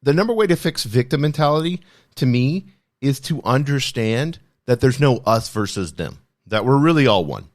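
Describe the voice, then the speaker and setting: A man in his thirties hosting a solo self-help podcast, talking in an earnest, conversational way with many restarts. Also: medium pitch. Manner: earnest, conversational, repeats "you know" and restarts. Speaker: podcast host. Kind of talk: solo motivational podcast talk.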